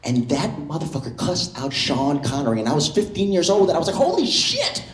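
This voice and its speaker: A man doing a stand-up comedy set in a comedy club, animated and jumping into loud impressions. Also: a little high, quick pace, roomy sound, background noise.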